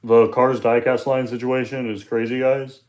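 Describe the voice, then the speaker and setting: A man's voice: medium pitch, little pitch movement, moderate pace, darkish tone, lo-fi sound. A young man hosting a casual live question-and-answer stream from home, joking and tripping over his words, talking into a phone on a tripod. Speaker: livestream host.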